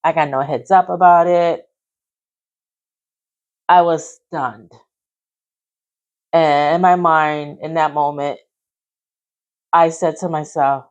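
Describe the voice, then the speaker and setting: Woman, low-pitched, casual storytelling, animated, acts out quotes. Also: takes it slowly, long pauses, dull audio. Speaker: podcast host telling her story.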